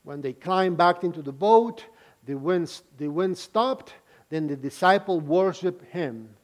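Slow-talking high-voiced male preacher. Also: lively intonation. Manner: asks the listeners frequent questions; repeats words and restarts phrases. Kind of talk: sermon, reading and explaining scripture.

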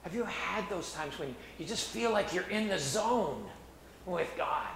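A middle-aged man giving a sermon in an earnest, halting way, often restarting his phrases. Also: high-pitched, expressive, creaky, fairly bright tone, slight background noise. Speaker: preacher. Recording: echoey room with faint ambience.

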